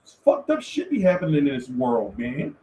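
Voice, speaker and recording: A man hosting a casual commentary show, talking in an animated, profane rant. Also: mid-range voice, normal speed. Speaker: host. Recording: echoey room, far from mic.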